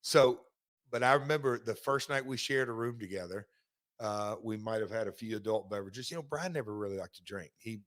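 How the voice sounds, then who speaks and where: A middle-aged man hosting a podcast, chatting casually and telling stories about his past in a relaxed, rambling way. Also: lowish voice, brisk. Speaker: podcast host, former wrestler. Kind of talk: casual chat and read sponsor ad.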